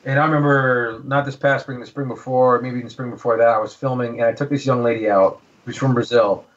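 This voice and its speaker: A man's voice: mid-range voice, steady tone, quick pace. Enthusiastic middle-aged man telling stories. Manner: enthusiastic, many restarts and repeated words. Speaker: guest, hunter. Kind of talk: casual storytelling. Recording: dull lo-fi sound.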